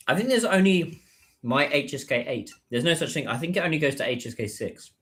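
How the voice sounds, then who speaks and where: A man's voice: a little high, lively intonation, fairly quick, fairly bright tone. A British man chatting casually on a phone livestream, reading out and answering viewer comments.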